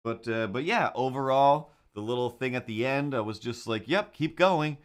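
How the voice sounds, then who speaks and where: Cartoonist guy rambling on his livestream, excitable, lots of ums, mid-pitched voice. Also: moderate pace, smooth. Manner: rambling, excitable, with frequent fillers. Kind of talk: casual livestream chat.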